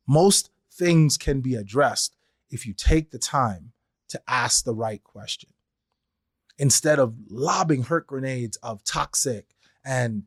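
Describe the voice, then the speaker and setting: A man's voice: mid-range voice, no echo, clean studio sound. Man musing on a solo podcast. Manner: conversational, acts out quoted exchanges in changing voices. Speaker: podcast host.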